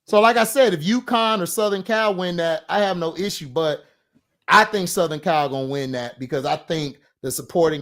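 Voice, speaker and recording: A man hosting a sports talk show, arguing his points passionately and insistently in a casual, heated debate. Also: a little high.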